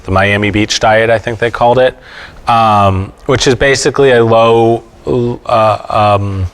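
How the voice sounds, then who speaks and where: Low-voiced man explaining on a panel. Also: fairly bright tone. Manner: plain, patient explaining with frequent fillers and check-ins. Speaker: epileptologist speaking on an expert panel. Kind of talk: explanatory panel talk to families. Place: event panel before an audience.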